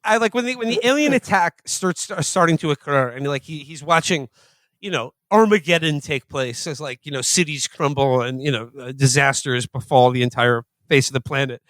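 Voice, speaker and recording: A man hosting a comedy podcast, reviewing a movie in casual chat with animated, mock-panicked impressions. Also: fairly high pitch, a little fast, no room sound. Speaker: podcast host.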